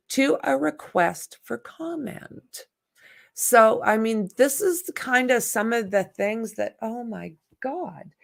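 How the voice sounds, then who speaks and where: A woman hosts a relaxed true-crime livestream in an unhurried, gravelly voice. She chats, greets viewers by name and reads comments aloud, and she is blunt with spammers. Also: medium pitch. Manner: outspoken and exasperated with spam commenters. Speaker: livestream host.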